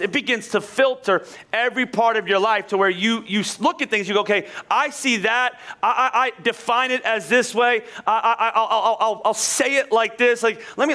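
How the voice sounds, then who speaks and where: Bright-voiced high male preacher. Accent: Pennsylvania. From Pennsylvania. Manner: energetic, repeats words, jokes with the congregation. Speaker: pastor. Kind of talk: sermon.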